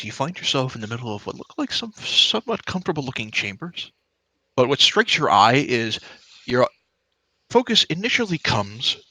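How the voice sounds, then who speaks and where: Bright-voiced male game master. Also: medium pitch, dry recording. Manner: descriptive, casual, with fillers. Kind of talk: narrating a tabletop game.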